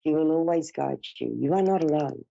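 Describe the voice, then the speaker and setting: A woman's voice: low-pitched, fairly quick, creaky, mellow, no echo. A woman giving a live psychic reading, speaking in a soothing, reassuring way and calling her caller dear and darling. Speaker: psychic medium host. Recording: dull lo-fi broadcast audio.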